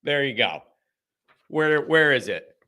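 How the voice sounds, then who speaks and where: A man hosting a live call-in show, chatting casually and thinking out loud with many restarts. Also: mid-range voice, expressive, slow. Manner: folksy, talks straight to the chat. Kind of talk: casual live-stream chat.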